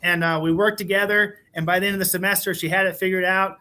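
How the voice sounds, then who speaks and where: Bright-voiced earnest male educator. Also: high-pitched, level tone, quick pace. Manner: earnest, warm storyteller with fillers. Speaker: school administrator guest. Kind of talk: casual panel storytelling.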